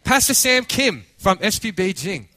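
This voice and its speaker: A man preaching a sermon, telling a story with animated acted-out quotes and frequent casual fillers. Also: high-pitched, normal speed, no room sound. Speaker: pastor.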